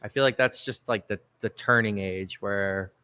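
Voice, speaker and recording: A man co-hosting a casual livestream podcast, chiming in with relaxed, joking agreement. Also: lowish voice, moderate pace, clear, resonant tone. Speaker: podcast co-host.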